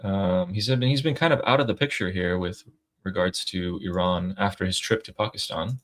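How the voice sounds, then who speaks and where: A man's voice: deep voice, normal speed. A man co-hosting a casual livestream, reading out news updates and reacting to them. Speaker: political commentary co-host.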